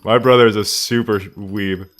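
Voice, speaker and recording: A man's voice: lowish voice, steady tone, moderate pace, a bit bright. A man streaming a game live from his room at home, rambling casually and answering chat questions aloud.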